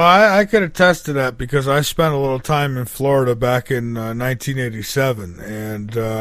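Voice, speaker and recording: A man's voice: medium pitch, a bit bright, dry recording. A man in casual chat, talking emphatically with colorful phrasing.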